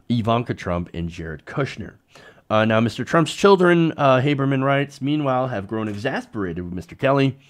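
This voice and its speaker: Male host, live political commentary, sarcastic and indignant, very lively pitch swings.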